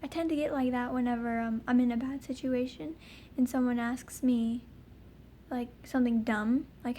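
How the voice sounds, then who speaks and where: A woman's voice: fairly high pitch, fairly even intonation, normal speed, dark tone, a little hiss or hum. A young woman telling a personal story in a casual vlog, rambling with lots of ums and likes. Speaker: vlogger.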